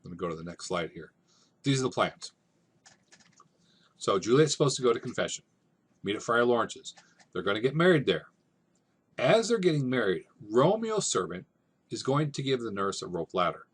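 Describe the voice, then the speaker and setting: A man teaching over slides, explaining a scene in relaxed, conversational everyday language. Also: mid-range voice, normal speed, long pauses, husky. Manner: relaxed, conversational, paraphrasing in plain modern speech. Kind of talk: casual classroom explanation.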